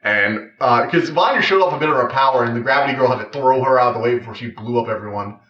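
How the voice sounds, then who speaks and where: A man's voice: mid-range voice, racing. Rambling man reviewing a show in a roomy room. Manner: rambling, loose, full of "like" and restarts. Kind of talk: casual spoken review. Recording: roomy, slightly dull recording.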